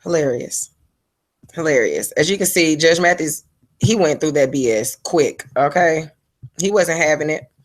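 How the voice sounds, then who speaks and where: A woman's voice: sits low, unhurried. A woman hosting her own live stream, telling a story in a chatty, slangy way and breaking off to answer her viewers. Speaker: livestream host. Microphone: phone and laptop setup.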